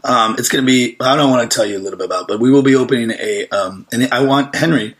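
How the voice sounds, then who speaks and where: A man in his thirties co-hosting a casual podcast, rambling and joking in quick banter. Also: mid-range voice, a bit bright. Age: 30s. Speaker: podcast co-host. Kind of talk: casual chat. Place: home studio.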